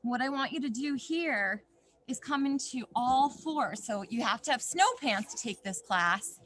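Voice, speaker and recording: A young woman guides children through yoga outdoors in a snowy backyard, her tone gentle with playful asides. Her voice is bright and a touch high, and she takes her time. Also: animated, measured pace. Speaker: yoga teacher. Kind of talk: outdoor kids yoga class.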